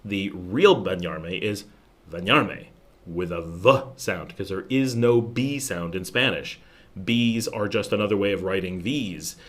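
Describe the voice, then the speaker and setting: A man's voice: on the low side, measured pace. An American man hosting a casual livestream, answering viewer questions in a rambling, chatty way with many restarts. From United States. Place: home in Nicaragua.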